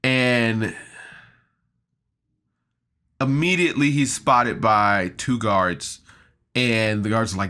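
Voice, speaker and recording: A man's voice: medium pitch, very animated, slow pace, pauses often, sharp tone. A man casually recapping a tabletop game episode on a podcast, chatty and enthusiastic, with laughs and fillers. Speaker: podcast reviewer.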